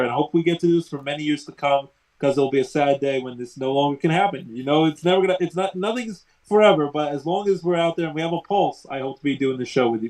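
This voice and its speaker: Male co-host in his 30s, chatty, hesitant fillers, slightly higher pitch. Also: darkish tone, poor audio. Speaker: sports talk show co-host. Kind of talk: casual sports talk.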